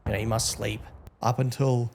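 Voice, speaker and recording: A young man talks through his game as a server admin, in a sleepy, teasing drawl padded with ums and uhs. His voice has a gravelly, fry-laden edge at an ordinary middle pitch, and a faint hiss sits under the recording. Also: level tone, moderate pace, darkish tone. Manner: drawling, chatty, teasing, with many fillers. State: tired, yawning. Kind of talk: casual gameplay commentary.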